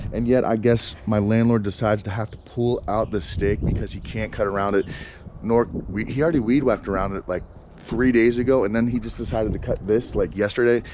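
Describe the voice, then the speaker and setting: A man's voice: mid-range voice, highs cut off, background noise. A man talking casually outdoors in his yard for a vlog, rambling and exasperated, with many fillers and restarts. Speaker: vlogger.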